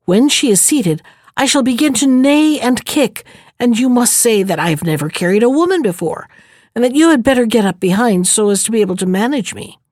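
A woman reading aloud, voicing a wise, kindly talking horse who gives calm, patient advice. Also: on the high side, brisk, no echo, studio quality, natural voice.

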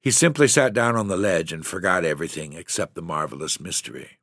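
A man reading a literary story aloud in a measured, steady narration. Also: low-pitched, no room sound, clean studio sound. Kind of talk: scripted audiobook narration.

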